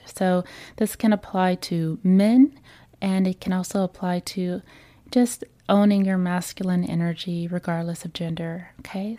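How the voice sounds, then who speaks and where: A woman with a slightly low voice talks casual self-help advice to her viewers. She sounds earnest and chatty and slips into little acted-out quotes of other people. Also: mellow. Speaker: relationship and self-development advice host. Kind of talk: casual advice talk to camera.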